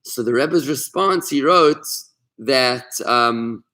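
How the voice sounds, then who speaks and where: Animated middle-aged rabbi teaching Talmud. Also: male voice, mid-range voice, takes it slowly. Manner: animated storyteller, warm asides, many restarts. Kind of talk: casual online Torah class.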